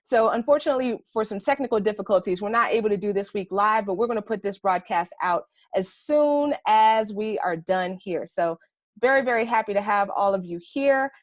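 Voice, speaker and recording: A woman's voice: mid-range voice, brisk, no room sound, studio quality. A woman hosting a podcast panel in an upbeat, enthusiastic way, speaking over a video call. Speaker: panel host.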